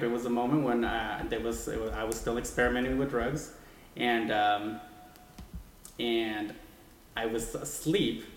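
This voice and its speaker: Man, mid pitch, animated rambling storyteller, roomy long-reverb sound. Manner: animated, rambling with many restarts. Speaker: guest sharing a ghost story. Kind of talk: casual storytelling. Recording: echoey room with long reverb.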